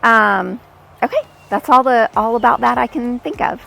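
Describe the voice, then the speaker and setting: A woman's voice: a little high, normal speed, creaky, bright, forceful tone. A woman, a real estate agent telling stories in a chatty, casual vlog. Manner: chatty, storytelling, laughs and squeals. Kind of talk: casual talking-to-camera vlog. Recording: faint background music.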